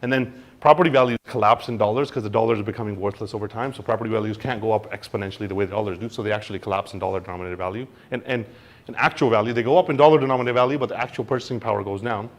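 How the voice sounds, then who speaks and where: Animated man giving a casual crypto talk. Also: on the low side, racing. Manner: animated, acts out dialogue in mock voices; blunt, swears casually. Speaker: crypto educator. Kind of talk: informal seminar talk.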